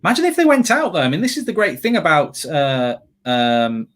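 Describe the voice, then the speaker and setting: Brief: excitable male host, slightly higher voice, watchalong banter, trips over his words. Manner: excitable, quick restarts and self-corrections. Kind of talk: live football watchalong chat.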